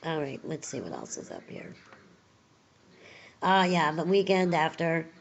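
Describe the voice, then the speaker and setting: A woman talking slowly and loosely in a home video, rambling with plenty of fillers and pauses. She sounds tired, like someone still recovering from surgery. The sound is dull and lo-fi, and her voice sits a bit low. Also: very animated, creaky. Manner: chatty, rambling, many fillers. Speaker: vlogger. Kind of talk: casual video update.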